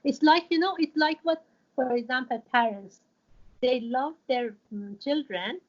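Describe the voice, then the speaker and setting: A woman's voice: sits high, a little slow, muffled recording. A woman who teaches an online Quran class and explains patiently, with many fillers and restarts.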